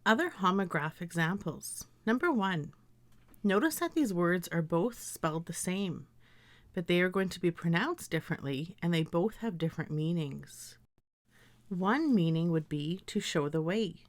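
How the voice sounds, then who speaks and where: A woman teacher talks through a recorded grammar lesson in a lowish voice, reading out example sentences slowly and carefully. The sound is dry and close, with no room around it. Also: expressive, no room sound.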